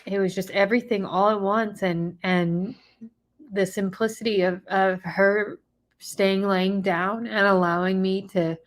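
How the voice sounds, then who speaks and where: Female co-host, mid-pitched, soft and hesitant in casual conversation. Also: fairly even intonation, unhurried. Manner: soft, hesitant, many fillers and restarts. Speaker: co-host recounting a personal experience. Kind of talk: casual chat.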